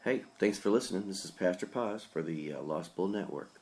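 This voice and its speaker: A man's voice: sits low, animated, a little fast, a little mellow. A man, a pastor, giving a rambling, opinionated solo podcast commentary in a casual, earnest way.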